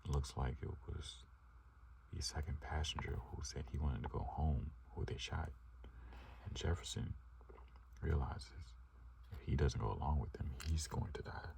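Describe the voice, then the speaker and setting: A man narrating an ASMR comic reading in a soft, unhurried whisper with a gravelly voice. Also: very deep voice, far from the mic, a little hiss or hum.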